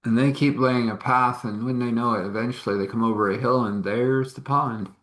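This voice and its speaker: A man telling an improvised story in a rambling, halting way, acting out the dialogue in shifting voices. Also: mid-range voice, steady tone, a bit bright, reverberant.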